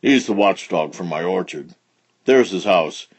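A man reading a children's storybook aloud, voicing a cross, gruff orchard farmer who speaks curtly. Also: low voice, expressive, unhurried, heavily acted. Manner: curt and cross.

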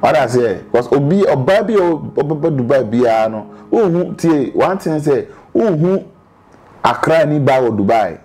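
A man's voice: a little high, animated, normal speed, warm tone, soft background music. A man from Ghana with a Ghanaian accent, talking casually as an interview guest in Dubai and switching between English and Twi with lots of restarts.

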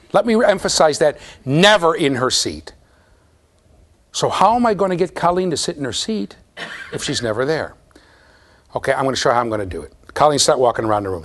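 A man giving a university lecture to a large class, playful and talking straight to his students. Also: fairly high pitch. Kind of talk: classroom lecture with live demonstration.

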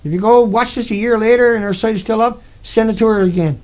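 A man's voice: high voice, fast, a little mellow. A man with a Newfoundland accent hosting a livestream, ranting in a heated, rambling and profane way. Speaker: livestream host. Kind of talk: angry livestream rant.

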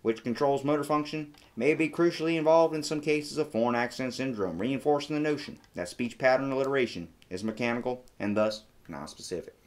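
A male comedy podcast host reads from his notes in an emphatic, theatrical style. His voice is middling in pitch, and he talks a little fast with few pauses.

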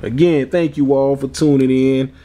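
A man talks casually in a sneaker vlog, relaxed and easygoing, with a middle-pitched voice. He often tacks on "man" and "you all", and he chuckles as he goes. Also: normal speed. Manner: laid-back, repeats "man" and "you all" a lot. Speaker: sneaker vlogger. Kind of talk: casual chat.

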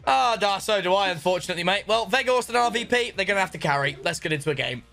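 A man hosting a gaming video in casual commentary, dramatic and self-pitying one moment, excitable the next. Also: high-pitched, quick pace, gravelly, faint music behind. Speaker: gaming channel host.

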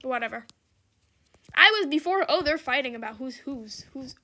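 A woman's voice: sits high, expressive, normal speed, sharp tone. A young woman giving casual, exclamatory commentary while playing a game, often frustrated and laughing. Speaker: gamer.

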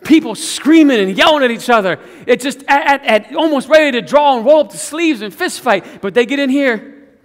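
A man's voice: very high-pitched, expressive, moderate pace. A man preaching a sermon as pastor, playful and joking, asking the congregation question after question. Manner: playful, joking, asks the crowd rhetorical questions. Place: church sanctuary. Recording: long church reverb.

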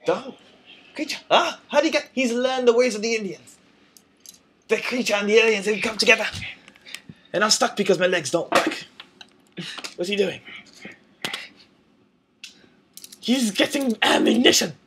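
A man playing a panicked guy who shouts at a creature that has got into his house, in goofy improvised role-play. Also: sits high, normal speed, long pauses, slight background noise, voice pushed up. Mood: frantic. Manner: frantic shouting, mock-heroic.

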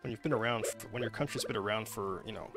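A man's voice: on the low side, quick pace, music in the background. A man with a Canadian accent streaming a game live, rambling and chatting with viewers through lots of fillers and restarts. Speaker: gaming livestreamer.

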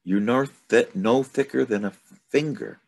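A man reading aloud and voicing a gentle, curious young boy prince who asks earnest, wondering questions. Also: mid-range voice, a little slow, vocal fry, voice pushed up.

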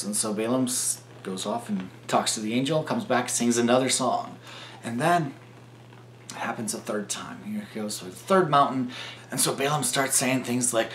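A man leading a camp chapel, retelling a Bible story to children in a relaxed, conversational way. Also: mid-range voice, moderate pace, a little hiss or hum. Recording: roomy echo with faint ambience.

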